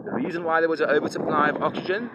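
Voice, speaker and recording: Lecturing man in loud wind. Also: on the high side, very fast. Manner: lecturing, keeps checking "right? you understand?". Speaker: environmental activist explaining to a child. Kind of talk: rambling outdoor explanation. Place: outdoors by a river canal. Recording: loud wind noise outdoors.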